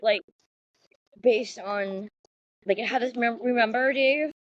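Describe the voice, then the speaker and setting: A woman's voice: a little high, slow pace, dry recording, highs cut off. A woman co-hosting a podcast, chatting casually and rambling, with lots of fillers. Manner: rambling, chatty, full of fillers and acted quotes. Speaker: podcast co-host. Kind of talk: casual chat.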